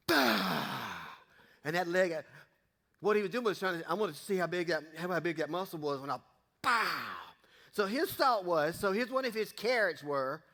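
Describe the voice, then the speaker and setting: There's a long church-hall reverb around this middle-aged pastor, whose voice is a little high and a bit bright. He keeps his sermon casual, folksy, and playful with the congregation in the sanctuary.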